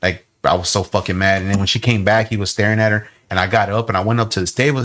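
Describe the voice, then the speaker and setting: A fast-talking man with a low voice tells a story in a casual podcast chat, profane and heated as he goes over it again. He sounds like he is in his forties. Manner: heated, profane, animated retelling. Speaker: podcast co-host.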